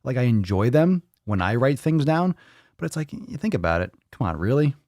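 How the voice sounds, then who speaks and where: A man's voice: medium pitch, big pitch swings, a little fast, a little mellow, no room sound, clean studio sound. A man hosting a fitness live stream in casual chat, rambling and joking, with a lot of swearing. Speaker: fitness livestream host.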